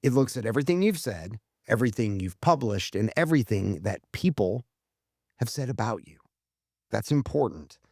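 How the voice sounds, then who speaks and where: His voice is on the low side and sing-song, with a darkish tone at normal speed, recorded dry at studio quality. He co-hosts a casual marketing podcast, laying out numbered tips in a blunt, emphatic, profane way.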